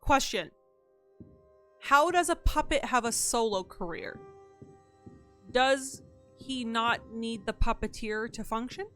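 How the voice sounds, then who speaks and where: A woman's voice: a little high, expressive, slow pace, long pauses, fairly bright tone, faint music behind. A young woman streaming a mystery game, chatting casually, thinking aloud and thanking her chat.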